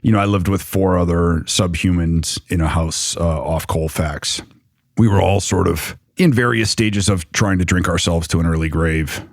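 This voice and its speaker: A man's voice: low-pitched, moderate pace, gravelly, dry recording, studio quality. A young man recounting a personal story in loose, rambling conversation, full of fillers. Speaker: storyteller recounting his past.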